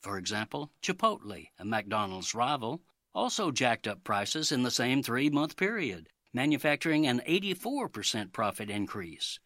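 A man's voice: medium pitch, sing-song, normal speed, a bit bright, dry recording, studio quality. A man reading a scripted radio commentary in a folksy, sarcastic editorial style.

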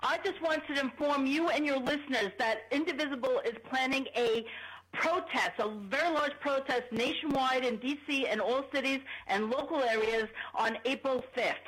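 A woman's voice: high voice, moderate pace, fairly bright tone, a little hiss or hum. A woman with a Long Island accent calling in to a radio talk show, earnest and matter-of-fact. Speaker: caller. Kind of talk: call-in radio. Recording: phone line into a radio show.

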